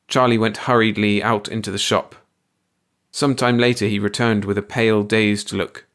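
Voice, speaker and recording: A man narrating a short story aloud in a steady, even reading voice. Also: on the low side, normal speed. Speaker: audiobook narrator.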